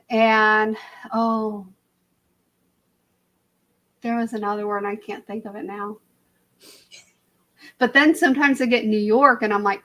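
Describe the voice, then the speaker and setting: A woman's voice: on the high side, fairly bright tone, poor audio. A young woman with a slight Southern accent chatting casually on a live stream, rambling, laughing often and trailing off mid-sentence. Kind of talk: casual chat.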